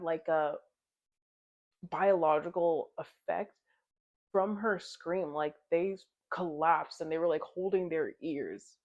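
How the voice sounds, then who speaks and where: A woman's voice: on the low side, darkish tone. A young woman casually recapping a novel in a chatty way, swearing freely and acting out the characters' lines. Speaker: book reviewer. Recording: dull lo-fi sound.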